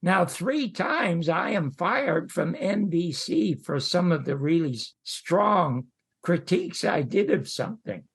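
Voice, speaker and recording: An older man, a podcast guest, tells a long show-business story in an animated way, jumping into other people's voices as he quotes them. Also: high-pitched, slow, creaky, husky. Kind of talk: anecdotal storytelling.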